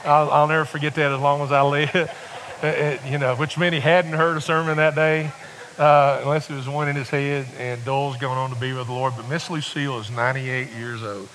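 A middle-aged preacher telling homespun stories from the pulpit, often restarting his words before pressing his point with fervour. His voice sits at a medium pitch, and a faint hiss runs under the recording. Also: level tone, fairly quick, fairly bright tone, poor audio. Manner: folksy, rambling storyteller with many restarts, building to fervent exhortation. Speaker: visiting preacher. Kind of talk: sermon with personal storytelling.

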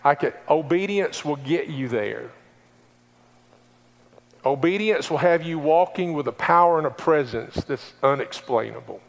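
A male preacher delivering a sermon, swinging between quiet pleading questions and emphatic calls to obey, repeating key phrases. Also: a little high, expressive, measured pace, gravelly. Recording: long reverb of a large hall.

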